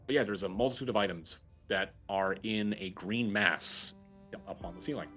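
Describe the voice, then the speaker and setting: A man's voice: lowish voice, normal speed, fairly bright tone, soft background music. A man narrating as game master of a tabletop game, describing the scene loosely with fillers.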